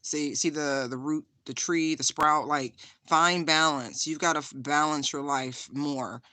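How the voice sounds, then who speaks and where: A tarot reader talks straight to the camera in a chatty, loose way, full of ums and likes. The voice is bright and forceful, and the sound is dry and close with no room echo. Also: medium pitch, fairly even intonation, a little slow. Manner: chatty and direct, many fillers, addresses viewers as honey; holding and showing a stone on camera. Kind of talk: casual spiritual card reading to viewers.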